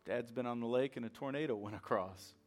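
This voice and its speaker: A man preaching a sermon in a lively, conversational way, acting out little asides as he goes. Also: medium pitch, a little fast. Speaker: chaplain and preacher.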